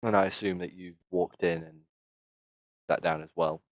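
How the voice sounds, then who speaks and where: A man's voice: low-pitched, little pitch movement, normal speed, no room sound, muffled recording. A man playing in a tabletop role-playing session, brash and joking, swearing freely. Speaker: player. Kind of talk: casual tabletop game chat.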